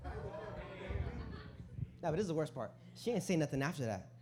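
A man's voice: a little high, very animated, normal speed. A young man preaching a sermon in a church, joking with the crowd and telling stories in casual slang. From Hispanic family in the US. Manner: hype-man calls to the crowd, jokey; conversational, slangy storytelling. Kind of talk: sermon with prayer and storytelling. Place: church sanctuary.

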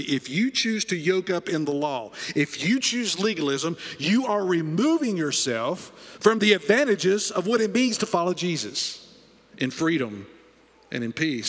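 High-voiced preaching man in reverberant church. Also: a bit bright. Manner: emphatic preaching, repeats key phrases. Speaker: pastor. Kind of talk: sermon. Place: church sanctuary. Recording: long reverb of a church hall.

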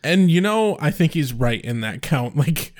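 A man co-hosting a casual recap podcast, cursing freely as he retells scenes. His voice is on the high side and moves a lot. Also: unhurried. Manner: profane, animated storyteller. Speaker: podcast co-host. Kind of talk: casual chat recapping a TV episode.

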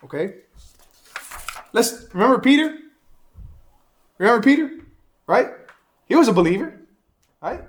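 A man teaching a Bible lesson to a class, animated and asking his listeners questions as he goes. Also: very high voice, a little slow, pauses often.

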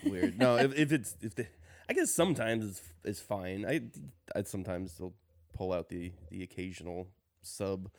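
A man's voice: low-pitched, normal speed, darkish tone, no echo, studio quality. A man co-hosting a casual podcast chat, hesitant and often repeating his words.

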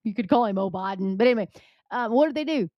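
A woman's voice: a little high, animated, fast, dry recording. A woman hosting an angry political commentary show, fiery and indignant, swearing and restarting her sentences. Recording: dull dry lo-fi recording.

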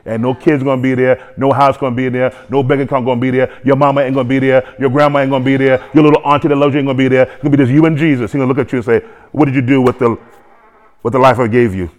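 A man preaching a sermon to a congregation, lively, with joking asides and repeated phrases. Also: mid-range voice, rapid-fire, hardly any pauses, muffled recording. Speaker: pastor.

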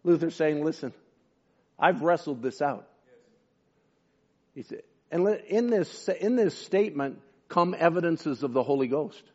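Fervent preacher man, somewhat high voice. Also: expressive, a little slow, pauses often, a little mellow, dull audio. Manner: fervent, repeats words while searching for them. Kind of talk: sermon.

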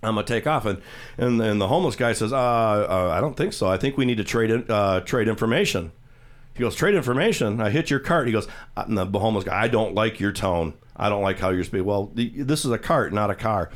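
A man's voice: on the low side, brisk. A man hosting a radio show, casually retelling a TV scene in the studio and acting out the quoted voices. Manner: rambling storyteller, acts out quoted voices. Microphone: studio microphone.

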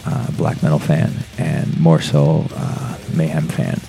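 A man's voice: extremely low pitch, little pitch movement, slow, creaky, warm tone, a little hiss or hum. A young man, a guest on a podcast, telling a rambling, profane story with many fillers. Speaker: podcast guest, metal musician. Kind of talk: casual storytelling.

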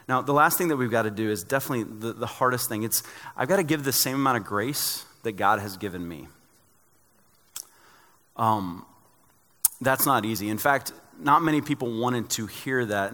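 Pastor, male, mid-pitched, lively sermon delivery with acted dialogue, reverberant hall sound. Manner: animated storytelling, acts out dialogue.

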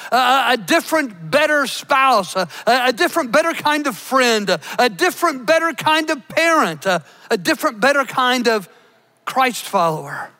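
A man preaching a sermon, emphatic, slowing down to stress key words. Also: extremely high pitch, lively intonation, bright, forceful tone. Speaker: pastor. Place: church.

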